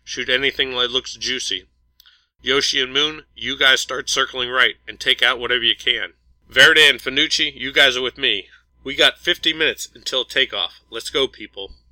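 A man voicing a commanding male ship captain who gives crisp, firm orders. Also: medium pitch, moderate pace, bright, forceful tone, no echo, poor audio.

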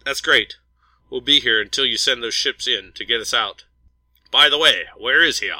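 A man's voice: medium pitch, moderate pace, bright, forceful tone, no echo, low-quality recording. A man doing a firm, commanding ship captain. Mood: relieved. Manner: crisp orders, firm.

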